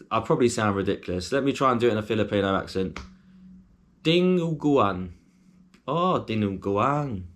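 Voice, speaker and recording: Low-voiced chatty male food vlogger. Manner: chatty, rambling, with frequent ums and fillers. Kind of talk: casual food review to camera.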